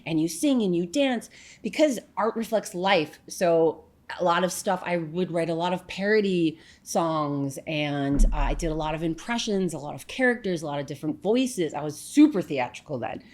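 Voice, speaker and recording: A woman from New York, a comedian guest telling stories in a casual interview, animated and chatty with lots of fillers and asides. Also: deep voice, normal speed.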